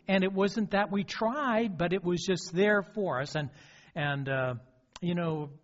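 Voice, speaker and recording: A male pastor giving a sermon. He tells a story with frequent restarts and fillers. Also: on the high side. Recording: dull lo-fi recording.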